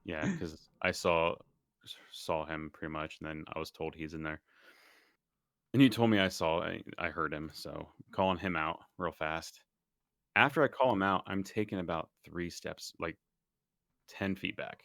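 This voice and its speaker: A man's voice: deep voice, normal speed, fairly bright tone, no echo, clean studio sound. A man playing a tabletop game, talking casually in a rambling, self-correcting way. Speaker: player.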